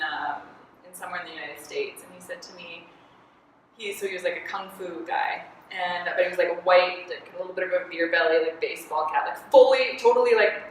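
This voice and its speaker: A Canadian woman, an artist and designer, is an animated guest in a candid conversational interview held in an event space. Her voice is on the low side, and she tells stories with frequent laughs and lots of fillers. The room is echoey, the mic distant, with faint noise.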